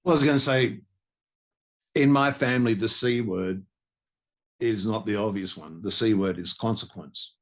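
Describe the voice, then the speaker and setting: An older Australian musician, guesting on a podcast, tells rambling stories in a lowish voice at a moderate pace with long pauses. The chat is casual, and he restarts his sentences often.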